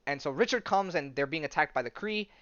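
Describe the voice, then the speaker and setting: Rambling man recapping comics, smooth voice. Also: a little high, lively intonation, quick pace, a bit bright, no echo. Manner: rambling, laughs at his own jokes. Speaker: podcast host. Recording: dull lo-fi sound.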